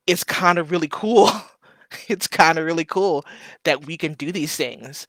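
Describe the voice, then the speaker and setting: A livestream host with a fairly high, bright and crisp voice rambles loosely through viewer comments in a casual live chat, using plenty of fillers. He is emotional and keeps fighting back tears. The recording is dry and close, with no room sound.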